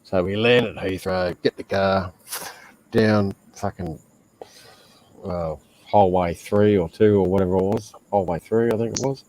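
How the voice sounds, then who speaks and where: A man's voice: sits low, unhurried, darkish tone, low-quality recording. A man with an Australian accent chatting casually on a stream, telling stories in a blunt, profane way. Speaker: stream host. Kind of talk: casual chat.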